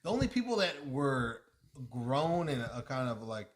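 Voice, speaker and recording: A man co-hosting a podcast in casual sports chat, telling animated stories and swearing often. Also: medium pitch, moderate pace. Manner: excited storytelling, frequent swearing. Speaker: podcast co-host.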